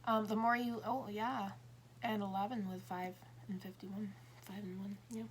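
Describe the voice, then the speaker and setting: A woman's voice: medium pitch, flat delivery, normal speed. Rambling woman in her fifties, faint hiss. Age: 50s. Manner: rambling, self-interrupting, acts out little dialogues. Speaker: tarot reader. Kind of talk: casual monologue.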